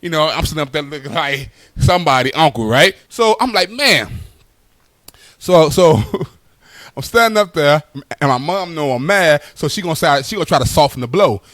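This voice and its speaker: Brief: male stand-up comic, animated storyteller, higher voice, dry sound. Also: brisk, no room sound. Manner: animated, repetitive asides. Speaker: comedian.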